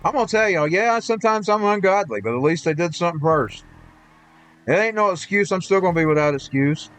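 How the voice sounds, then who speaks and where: A man's voice: sits high, animated, brisk, fairly bright tone, smooth. A man ranting indignantly while streaming a game, rambling and restarting his sentences. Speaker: live streamer.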